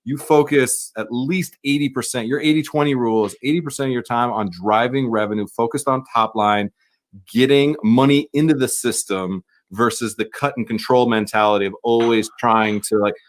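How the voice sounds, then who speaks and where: A man hosting a podcast interview, talking in an energetic, emphatic way and repeating key words. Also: medium pitch, moderate pace. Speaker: podcast host.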